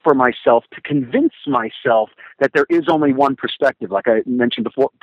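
Animated man telling stories, dry sound. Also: mid-range voice, moderate pace, dry recording, dull audio. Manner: animated storytelling with emphatic repetitions. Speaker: guest, motivational speaker. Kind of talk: casual conversation.

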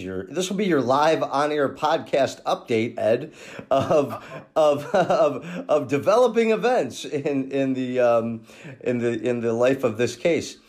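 A man hosting a true-crime podcast, thinking aloud in a halting way with many restarts as he talks through a case. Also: medium pitch. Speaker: podcast host and case investigator.

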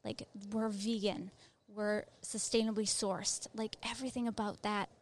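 A woman's voice: mid-range voice, little pitch movement, moderate pace, a little hiss or hum. Chatty woman in her thirties. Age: 30s. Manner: chatty, many fillers of "like" and "um". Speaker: guest, Army veteran. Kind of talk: casual interview chat.

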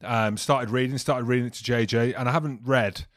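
A man's voice: medium pitch, steady tone, a little fast, no room sound. Man rambling jokily, dry close sound. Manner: rambling, jokey storytelling. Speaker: podcast co-host. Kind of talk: casual chat.

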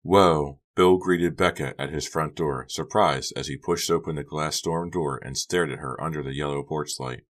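A man narrating an audiobook in a steady storytelling delivery. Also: rumbling low, moderate pace, few pauses.

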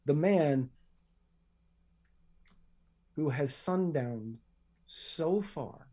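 A man's voice: on the high side, animated, extremely slow, warm tone. A man co-hosting a podcast who speaks earnestly and emphatically and often repeats his points. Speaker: podcast co-host. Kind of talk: casual chat.

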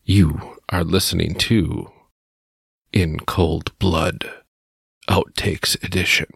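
A man reading a scripted show intro in a mock-grand, deadpan way. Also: low-pitched, slow, vocal fry, husky. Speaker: show announcer.

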